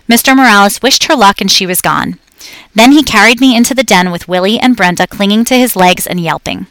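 Woman reading a kids' book out loud, mid pitch, dry close mic. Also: a little fast, clean tone, no echo. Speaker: audiobook reader. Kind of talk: scripted storybook narration.

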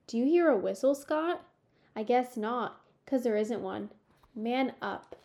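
A boastful, rough-playing boy taunts his rival on a schoolyard court, voiced by a woman reading a storybook. The voice sits fairly high and comes slowly, each jab laid out deliberately. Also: animated, dark tone. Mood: taunting. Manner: taunting, cocky. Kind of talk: audiobook reading.

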